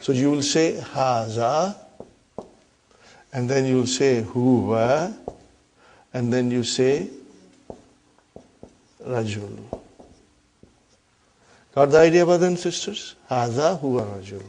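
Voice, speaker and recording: A man teaching an Arabic grammar class, slowly reading example sentences, repeating key terms and often checking that the class follows. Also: mid-range voice, darkish tone. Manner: checks understanding with frequent questions.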